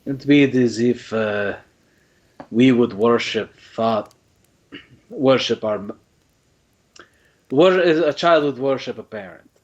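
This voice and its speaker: A man voicing a calm, inquisitive horned male traveler in a measured, questioning way. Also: mid-range voice, highs cut off. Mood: inquiring.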